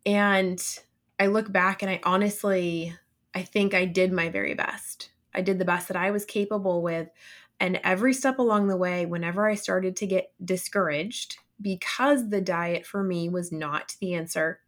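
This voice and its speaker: Woman guest sharing her story, earnest, gets lively acting out what people said. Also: medium pitch, moderate pace. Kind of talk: personal story in interview.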